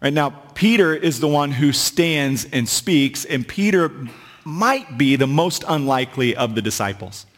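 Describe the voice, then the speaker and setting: A man's voice: fairly high pitch, expressive, a little slow. A man preaching a sermon as a pastor, talking in a conversational way with asides and jokes. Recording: long hall reverb.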